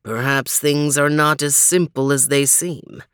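A woman voicing a big, heavy male dog who speaks calmly and thoughtfully in a storybook. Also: low voice, a little slow, clear, resonant tone, no echo, clean studio sound, voice pushed down.

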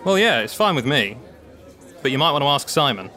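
A man playing a breezy, matter-of-fact man in a comedy sketch, with a deadpan manner. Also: medium pitch, fairly quick. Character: matter-of-fact man who goes along with everything.

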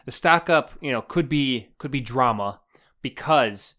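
A man's voice: medium pitch, animated, unhurried, sharp tone. A man co-hosting a casual sports podcast, wry and joking as he talks. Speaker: podcast co-host.

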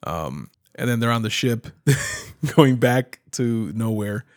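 A man co-hosting a podcast, recapping a show in casual chat, laughing often and acting out lines in animated voices. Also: medium pitch, slow pace, no echo, studio quality. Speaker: podcast co-host.

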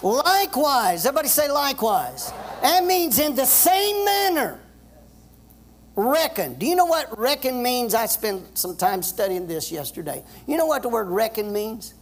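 A pastor preaching a sermon with emphasis, reading scripture and having the congregation repeat phrases after him. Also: male voice, extremely high pitch, sing-song, moderate pace, slight background noise. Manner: reads scripture aloud and explains it.

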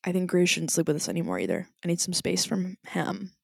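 A woman's voice: on the low side, a little fast, gravelly, slightly rough, no room sound, clean studio sound. A woman in her twenties co-hosting a podcast, telling a story in casual chat and acting out what people said. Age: 20s. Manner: animated storyteller acting out quotes. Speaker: podcast co-host.

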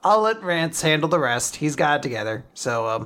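A woman's voice: sits low, fairly quick. A woman co-hosting a casual chat, recapping a manga chapter and acting out the characters' lines with laughs. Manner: animated retelling, acting out quotes with laughs. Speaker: podcast co-host recapping manga.

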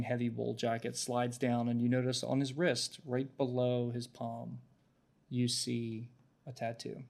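A man's voice: medium pitch, creaky, a little mellow. Man narrating as game master.

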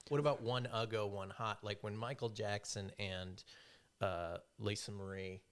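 A man's voice: fairly low pitch, steady tone, normal speed, clear, resonant tone. A man in casual podcast chat, telling rambling stories and joking along.

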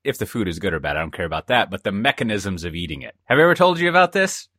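Brief: deep-voiced male podcast co-host, bright tone, animated and digressive, dry close mic. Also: very fast, no echo. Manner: rambling, jokey storytelling with many asides. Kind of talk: casual chat. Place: lives in Texas.

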